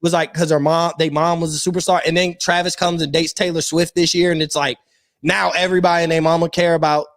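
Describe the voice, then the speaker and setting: An animated man with a high voice, co-hosting a podcast. He talks in a slangy way and keeps saying "bro". The sound is dry and close. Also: fast, no room sound. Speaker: podcast co-host. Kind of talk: casual sports chat.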